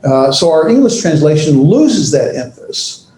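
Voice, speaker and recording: A man teaching a class on biblical languages, lecturing with frequent fillers, pauses and self-corrections. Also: a little high, big pitch swings, dark tone, echoey room, poor audio. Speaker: Bible language instructor.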